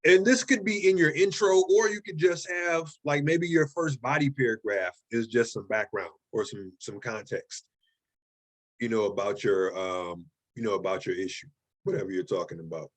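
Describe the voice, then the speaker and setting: A man's voice: mid-range voice, moderate pace. A man teaching a college writing class, lecturing casually and checking in often with "okay?" and "right?". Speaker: writing instructor.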